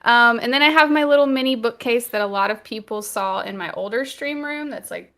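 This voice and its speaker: A woman with a Louisiana accent, co-hosting a gaming podcast from her bedroom stream room over a video call. She laughs often and gets louder and higher when she is passionate. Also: a little fast. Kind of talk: casual chat. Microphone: earbuds with new desk mic, video call.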